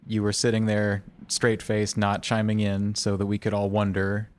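Sardonic low-voiced man. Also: level tone, smooth. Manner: sardonic, quick asides. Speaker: podcast co-host. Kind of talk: casual recap chat.

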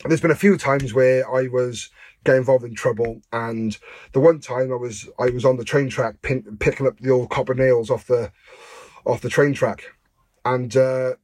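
A man's voice: mid-range voice, no echo. Earnest young man telling his story. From Wales. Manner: earnest, animated retelling with frequent fillers. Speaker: guest. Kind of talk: candid storytelling in an interview.

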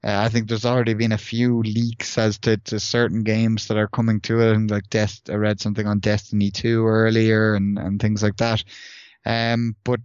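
A man's voice: on the low side, monotone, moderate pace, a little mellow, clear, resonant tone, no room sound, dull audio. A man co-hosting a gaming podcast, chatting loosely with many restarts and reading out news items. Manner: rambling, many restarts and fillers. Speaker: podcast co-host.

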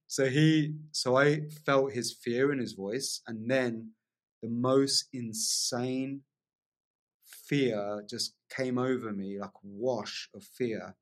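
Animated man telling a wild story. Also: medium pitch, slow. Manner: animated storyteller, frequent "like" and "right?" tags. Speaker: podcast guest. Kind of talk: storytelling in a casual interview.

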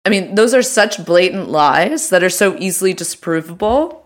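A woman's voice: fairly low pitch, expressive, moderate pace. A woman co-hosting a podcast, chatting casually with lots of fillers and restarts. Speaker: podcast co-host. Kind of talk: casual chat.

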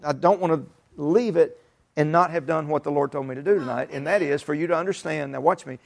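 A man's voice: fairly high pitch, fairly quick, creaky. A middle-aged man preaching a sermon in a folksy, emphatic way. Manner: folksy, emphatic, rising to shouts and laughter. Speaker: pastor.

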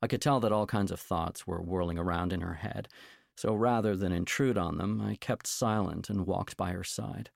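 A man narrating a novel in the first person, with a measured, gentle storytelling manner and a gravelly voice. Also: low voice, steady tone, no room sound, clean studio sound. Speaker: audiobook narrator.

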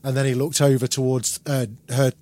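Male podcast co-host, casual and animated, fond of cursing. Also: mid-range voice, a little fast. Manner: enthusiastic, swears freely, acts out quotes. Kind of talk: casual chat.

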